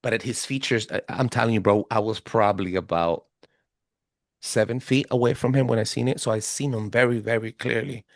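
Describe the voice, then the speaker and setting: A man telling a story as a podcast guest in a casual, animated way, full of slang. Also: fairly low pitch, fairly quick, creaky, no echo, clean studio sound. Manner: animated, slangy, keeps saying bro.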